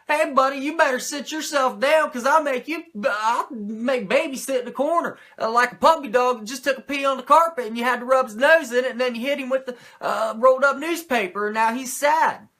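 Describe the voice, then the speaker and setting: A man impersonating a loud, dopey male wrestler who rambles on with boastful nonsense. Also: a little fast, few pauses. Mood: blustering. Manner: shouting, high and rambling.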